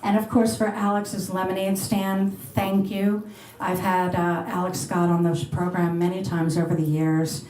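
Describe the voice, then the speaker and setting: A woman's voice: on the low side, little pitch movement, a little slow, darkish tone. A middle-aged woman radio host chatting and taking questions at a restaurant luncheon, bubbly and laughing. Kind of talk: casual talk and Q&A with an audience. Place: restaurant dining room. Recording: roomy live event recording.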